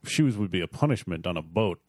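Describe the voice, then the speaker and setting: Lowish voice guy on a podcast, wry jokes, dry close mic. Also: expressive, fairly quick, a little mellow, dry recording. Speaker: podcast co-host. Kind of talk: casual chat.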